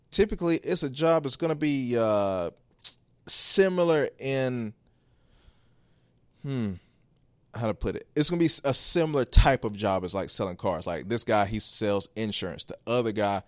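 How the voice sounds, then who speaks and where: A man hosting a podcast, telling a story casually in a rambling, animated way with quoted asides. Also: mid-range voice, no room sound, clean studio sound. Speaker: podcast host.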